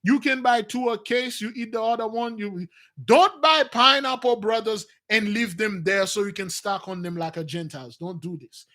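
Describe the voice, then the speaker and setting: Animated bright-voiced male preacher. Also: normal speed. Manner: animated, swings between loud outbursts and low mutters. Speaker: spiritual teacher. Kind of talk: preaching monologue.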